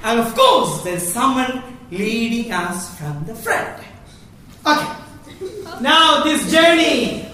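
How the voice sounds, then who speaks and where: Woman leading a church workshop, high voice, bouncing up and down a lot, laughs a bunch, sounds far off in a big echoey hall. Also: slow pace. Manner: animated, laughs often while speaking. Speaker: workshop presenter. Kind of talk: Catholic faith workshop talk.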